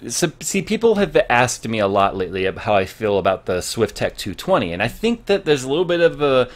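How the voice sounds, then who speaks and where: A man's voice: mid-range voice, very animated, a little fast. A man hosting a live tech stream, chatting casually in a jokey, rambling way.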